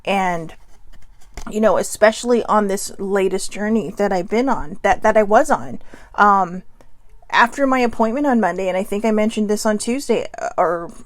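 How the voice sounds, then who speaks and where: A woman's voice: medium pitch, moderate pace, no room sound. Woman rambling thru a live pep talk, scratchy throat, swears a lot, dry close mic. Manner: chatty and rambling, swears freely, many "you know" fillers. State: scratchy throat, keeps clearing it. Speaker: vlogger hosting a daily live video.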